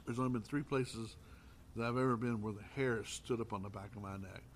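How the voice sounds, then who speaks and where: A man, a paranormal investigator guest, telling drawn-out, folksy anecdotes in casual chat with many pauses and hesitations. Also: lowish voice, fairly even intonation, a little hiss or hum. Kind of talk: casual storytelling.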